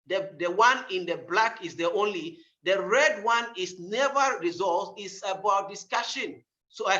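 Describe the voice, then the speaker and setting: A middle-aged male professor lectures on academic writing in a high, sharp, bright voice. He stresses his points by repeating them and tosses rhetorical questions at his listeners. The sound is dull and lo-fi, like an online lecture.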